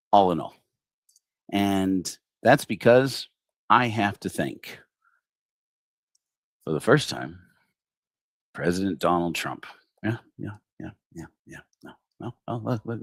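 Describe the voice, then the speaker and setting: A middle-aged man delivers a livestreamed satirical sermon in a low voice that leaps up and down with ironic, theatrical flattery. The sound is close and dry, with no room around it. His sarcasm never lets up. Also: slow pace, gravelly, long pauses, no room sound. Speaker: host of a secular online congregation.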